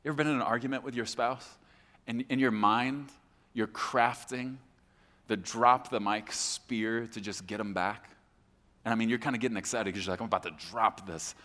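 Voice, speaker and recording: A man preaching a sermon as pastor on a church stage, emphatic, swinging between hushed and loud. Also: mid-range voice, fairly even intonation, moderate pace. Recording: echoey hall with long reverb.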